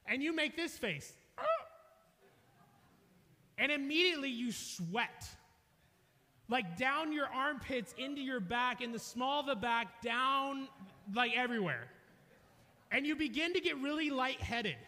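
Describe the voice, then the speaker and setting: A young man preaching a sermon, telling a funny story loudly, with an animated, self-mocking manner. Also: very high-pitched. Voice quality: loud, energetic. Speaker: pastor. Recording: reverberant hall.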